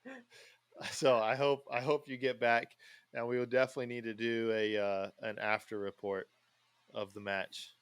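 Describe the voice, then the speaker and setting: A man's voice: mid-range voice, flat delivery, moderate pace, clear, resonant tone, dry recording. A man hosting a podcast in casual chat, rambling along with many fillers and restarts. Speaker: podcast host.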